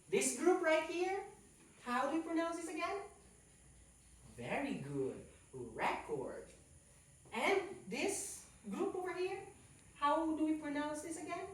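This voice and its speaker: Animated woman teaching a class. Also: sits high. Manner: animated, coaxing questions to students. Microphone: far camera. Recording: echoey classroom from far off.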